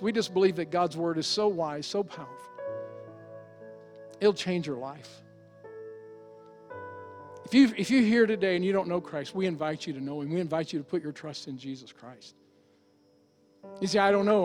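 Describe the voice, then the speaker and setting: A middle-aged man preaching as a pastor in an earnest, pleading manner, swinging from emphatic urging down to soft, quiet appeals. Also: high-pitched. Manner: earnest, pleading, rising to emphatic exhortation then dropping soft. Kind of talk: sermon.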